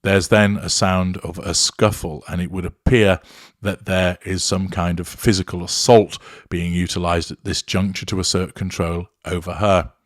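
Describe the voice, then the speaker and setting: A man with a very deep voice delivers measured, clinical commentary, breaking down a recording point by point with deliberate emphasis. The sound is close and dry, with no room around it. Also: level tone, no echo. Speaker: narcissism commentator.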